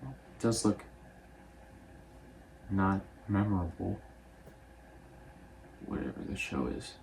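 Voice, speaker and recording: A young man casually recapping a movie, rambling and offhand, slipping into quick character voices. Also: sits low, expressive, vocal fry, darkish tone, a little hiss or hum. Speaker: movie reviewer.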